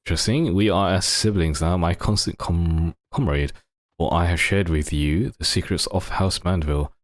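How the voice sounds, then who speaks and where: A man reading aloud the flowery, formal lines of a pompous gentleman adventurer in a game. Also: deep voice, normal speed, lightly acted. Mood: grandiose.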